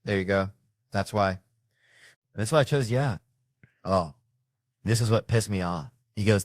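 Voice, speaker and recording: A man on a comedy stage, ranting through his stories with profane, exasperated energy and sudden jumps in intensity. His voice sits on the low side and sounds close and dry, with no room around it. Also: unhurried, pauses often, no echo. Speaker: stand-up comedian. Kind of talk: stand-up storytelling.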